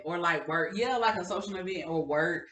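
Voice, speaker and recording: A woman's voice: on the low side, a little fast, fairly bright tone, slight background noise. A woman co-hosting a podcast in casual chat, often chiming in with short agreement. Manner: brief agreeing interjections. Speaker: podcast co-host. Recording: echoey room, distant mic.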